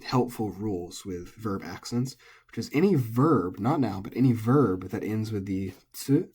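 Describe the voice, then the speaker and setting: This native English-speaking teacher talks through pronunciation rules in a relaxed, unscripted recorded lesson. His voice is husky and a bit low, and he thinks aloud, filling gaps with ums and frequently fixing his own sentences partway through.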